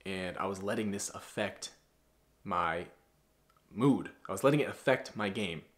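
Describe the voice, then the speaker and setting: A young man in his twenties lectures in a blunt, preachy way, full of casual slang. His voice sits a little low as he coaches other men on how to carry themselves. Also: measured pace. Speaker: masculinity coach. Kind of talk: casual motivational monologue.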